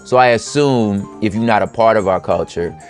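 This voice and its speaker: A man hosting a podcast, giving casual, expressive commentary in a conversational way. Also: on the low side, normal speed, faint music behind. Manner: expressive and conversational, slips into playful quoted voices. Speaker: podcast host.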